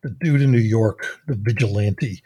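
A man's voice: on the low side, normal speed, mellow, breathy edge. A man co-hosting a podcast, ranting in a profane, exasperated way. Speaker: podcast co-host. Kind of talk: casual chat.

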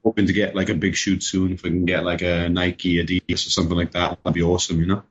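A Welsh man with a very deep, husky voice chats as a podcast guest. He speaks in an even, flat, relaxed way, and the audio comes through dull and lo-fi over a video call. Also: fast. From Wales. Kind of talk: casual podcast chat.

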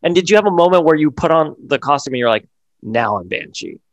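A man's voice: on the high side, racing, dry recording. A man co-hosting a casual interview, eagerly stacking several questions at once. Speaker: interview co-host.

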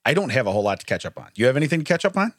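A man co-hosting a podcast in casual chat, an animated storyteller who acts out quoted voices and laughs often. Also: mid-range voice, racing, no echo, studio quality. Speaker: podcast co-host.

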